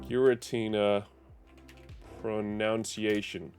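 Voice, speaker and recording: Rambling man streamer, smooth voice. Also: on the low side, unhurried. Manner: rambling, self-correcting, chuckling. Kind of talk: casual live-stream chat. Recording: faint music behind.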